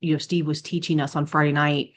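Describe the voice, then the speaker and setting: A woman giving a casual spoken testimony to other women of her ministry, chatty and animated. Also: sits low, fairly quick. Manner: chatty and animated, with many fillers and acted quotes. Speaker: ministry devotional speaker.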